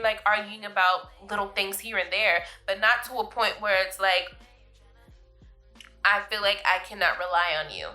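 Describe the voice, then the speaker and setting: A woman's voice: medium pitch, bright, forceful tone. A woman hosting her vlog, giving casual, emphatic life advice, often laughing and calling listeners "boo". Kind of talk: casual motivational talk to camera.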